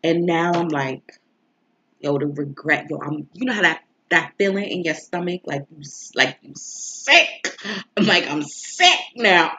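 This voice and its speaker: At home, a woman who reads astrology and tarot chats in a casual, confessional vlog, rambling emotionally with a nose stuffed up from crying and tossing in rhetorical asides. Her voice is low, expressive, and a little slow, with a bright, forceful tone.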